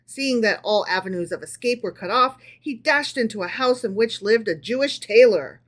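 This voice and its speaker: High-voiced woman reading stories aloud. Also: moderate pace. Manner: animated reader, chatty asides, casual swearing. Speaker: podcast co-host reading aloud. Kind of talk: casual book club podcast, reading stories aloud.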